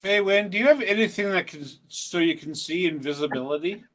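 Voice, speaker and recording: Man, tabletop player, fairly high voice, brisk, practical. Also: fairly bright tone. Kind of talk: casual tabletop play.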